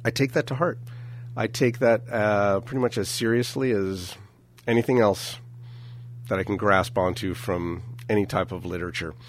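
A man hosting a casual radio talk show in a studio, hoarse and breathy from a lingering cough, playful and chatty. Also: fairly low pitch, moderate pace. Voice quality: scratchy, breathy. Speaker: radio host. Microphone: studio mic.

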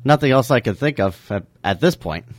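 A man co-hosting a casual radio chat in a studio, talking haltingly with many fillers. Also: medium pitch, lively intonation. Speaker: radio co-host and guest.

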